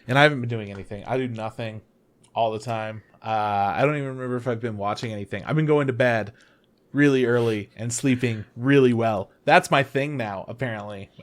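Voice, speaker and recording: A man's voice: mid-range voice, a little fast. Laid-back, self-deprecating male podcaster. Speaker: podcast co-host. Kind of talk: casual chat.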